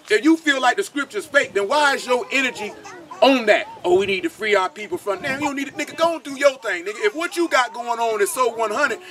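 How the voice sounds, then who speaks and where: A man leads an informal scripture lesson, his voice pitched high for a man. He talks in blunt street slang and keeps hitting the listeners with rhetorical questions. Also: sharp tone. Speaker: Bible teacher.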